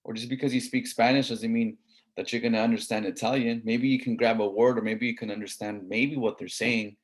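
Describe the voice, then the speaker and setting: A man's voice: medium pitch, steady tone, brisk. A man with a Southern Californian accent giving a classroom lecture in a conversational way, often checking in with "right?". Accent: Southern Californian English.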